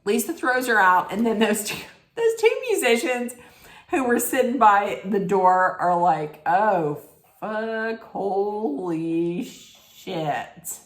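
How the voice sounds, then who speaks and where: A woman's voice: on the high side, big pitch swings, a little slow, a bit bright. A woman giving a rambling, blunt casual rant as a reality TV recap vlogger, swearing freely. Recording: roomy echo.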